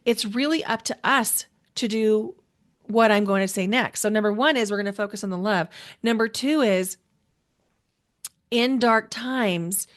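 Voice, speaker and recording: Woman, podcast host, solo episode; earnest, emotional, deliberate spiritual guidance, middle pitch. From United States. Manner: earnest, slow and deliberate with pauses; spiritual, guiding a grounding exercise.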